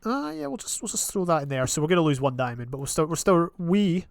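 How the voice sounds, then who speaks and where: A young man giving casual, rambling commentary on his own gameplay, with sudden excited outbursts. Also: on the high side, fast, creaky, no room sound, studio quality. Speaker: gaming channel host.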